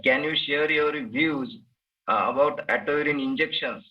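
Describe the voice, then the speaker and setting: A man's voice: fairly high pitch, normal speed, far from the mic, lo-fi sound. A man from India asking the lecturer a question and hesitating often. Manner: hesitant, many "uh"s. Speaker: audience member asking a question.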